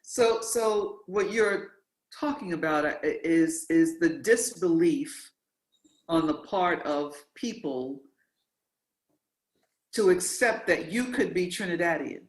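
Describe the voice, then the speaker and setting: An interview host from New York tells stories in an animated, emphatic way and often repeats words for effect. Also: medium pitch, slow pace. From New York, USA. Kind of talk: interview, conversational. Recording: roomy, echoey sound.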